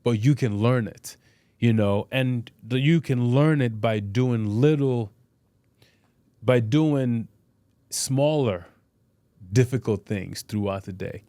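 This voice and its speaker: A middle-aged man speaks slowly with frequent pauses in a medium-pitched, dark voice, with no echo. As a podcast guest and boxer and fitness trainer, he tells boxing stories bluntly and profanely in casual interview talk, with lots of restarts and "you know."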